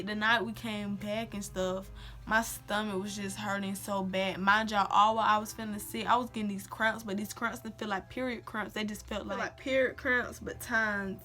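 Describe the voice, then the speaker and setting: A young woman telling a personal story in a casual, slangy vlog, acting out quotes. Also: medium pitch. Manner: animated, slangy, acts out quotes. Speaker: vlogger.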